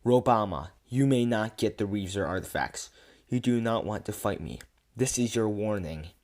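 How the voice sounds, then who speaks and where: A man reading aloud, voicing an adult male rock singer who yells in outrage. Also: fairly low pitch, animated, moderate pace, lightly acted. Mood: defiant. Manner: yelling, stumbling reading.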